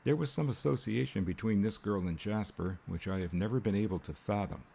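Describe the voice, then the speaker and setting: A man reading a breezy young gentleman. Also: fairly low pitch, brisk, gravelly, a little hiss or hum.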